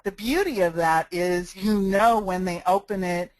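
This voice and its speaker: A woman's voice: mid-range voice, a little slow, darkish tone, dry recording, rough recording. A woman giving a step-by-step screencast tutorial into a cheap headset microphone, friendly and practical, talking with a smile. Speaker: sales marketing instructor.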